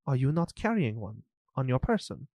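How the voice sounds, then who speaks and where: A man voicing a fawning male estate steward who talks formally and quickly. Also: medium pitch, sing-song, a little mellow, dry recording. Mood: flustered. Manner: rapid, overly polite formal speech.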